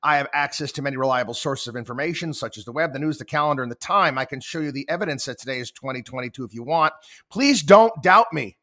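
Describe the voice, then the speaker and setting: A man's voice: medium pitch, lively intonation, fast, bright, forceful tone. A man voicing an insistent AI chatbot that grows stiff, self-assured and scolding. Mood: irritated. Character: insistent, prickly AI chatbot, male-voiced.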